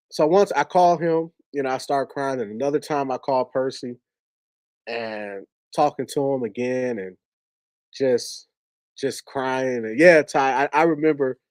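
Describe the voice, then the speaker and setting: A man's voice: on the high side, darkish tone, dry recording. A man on a podcast telling a personal story in an earnest, conversational and emotional way. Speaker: podcast guest. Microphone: podcast studio mic.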